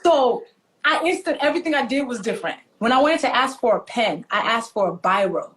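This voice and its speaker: A woman from Nigeria, animated and laughing often as she tells stories in a conversational interview. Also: a little high, brisk. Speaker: author and guest.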